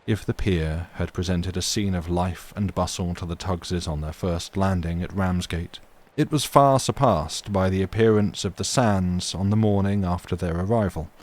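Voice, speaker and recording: A man reading a classic story aloud on a livestream, steady and measured. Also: deep voice. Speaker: reader of classic fiction.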